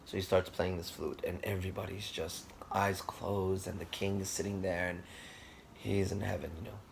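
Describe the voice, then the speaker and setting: Male teacher, low gravelly voice, husky, animated storytelling lecture. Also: moderate pace, slight background noise. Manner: animated storyteller, addresses listeners directly.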